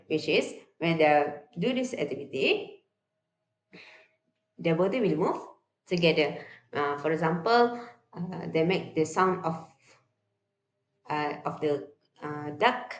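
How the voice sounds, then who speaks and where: A woman with a fairly low voice explains a children's movement activity, often pausing with fillers and restarting her sentences. The room around her rings with a noticeable echo. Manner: halting, with many fillers and restarts. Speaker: therapy activity instructor. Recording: echoey room.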